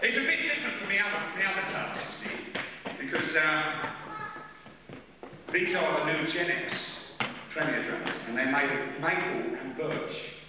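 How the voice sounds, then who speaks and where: A man's voice: fairly high pitch, moderate pace. A middle-aged Englishman chatting in a rambling, jokey way to a live audience at a drum clinic. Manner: rambling, jokey, animated storytelling. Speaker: drummer giving a clinic. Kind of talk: chatty stage talk to an audience. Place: large hall with live audience. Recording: echoey hall recording from far off, crowd noise.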